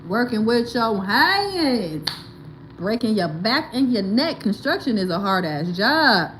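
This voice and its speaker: A woman's voice: on the high side, slow, slight background noise, poor audio. A woman host, talking bluntly and animatedly, reacting to viewer comments in casual commentary. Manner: blunt, animated, swearing and laughing. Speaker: livestream host.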